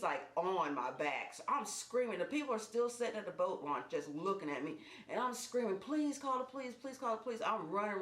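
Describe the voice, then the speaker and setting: A woman telling a personal story in casual vlog style, animated and speeding up in quick bursts. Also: lowish voice. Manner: animated, fast bursts when retelling action. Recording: echoey room.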